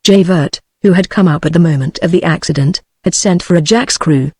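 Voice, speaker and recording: A text-to-speech voice of a woman with a British English accent, reading a classic novel aloud in an even, mechanical way. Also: lowish voice, fairly quick, slightly rough, dry recording. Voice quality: even, mechanical delivery that reads punctuation aloud. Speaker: narrator. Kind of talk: synthetic audiobook reading.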